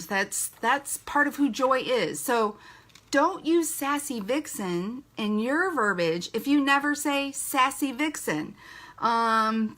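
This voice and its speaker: A chatty woman running a live team training, her voice bright and forceful and pitched a bit high. She talks in a playful, loose way and often breaks into laughter. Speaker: direct-sales team trainer.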